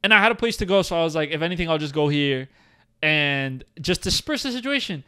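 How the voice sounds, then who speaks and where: A young man with a smooth, clear voice, chatting as a podcast co-host. He tells his stories in an animated, rambling way, leaning on filler words, and his voice sits a bit above the usual for a man. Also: a little high, fast talker. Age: young adult. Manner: animated storytelling, heavy use of "like" and "bro". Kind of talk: casual chat. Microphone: studio podcast mic, seated.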